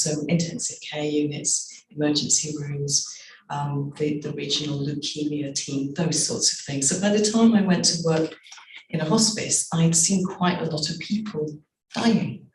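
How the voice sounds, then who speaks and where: A middle-aged woman, an author, reading aloud from her memoir and telling its stories in a measured way with slow, emphatic pauses. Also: low voice. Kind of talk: live reading and storytelling. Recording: echoey, distant room mic.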